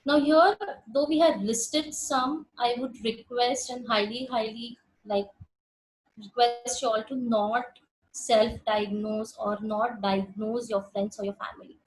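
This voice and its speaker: A woman's voice: fairly high pitch, fairly even intonation, measured pace, a little hiss or hum, low-quality recording. A woman psychologist with an Indian English accent giving a webinar lecture on a video call, earnest and emphatic, often repeating words as she rephrases.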